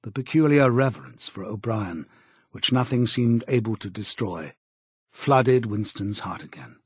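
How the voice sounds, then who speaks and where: Husky man narrating an audiobook. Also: on the low side, unhurried, no echo. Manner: grave, even storytelling.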